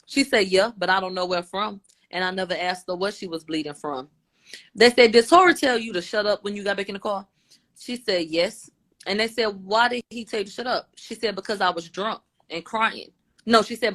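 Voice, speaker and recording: A livestream commentator with a medium-pitched, fairly bright voice goes over court testimony in a relaxed way on her phone's live video stream. She retells what happened, quoting one side and then the other.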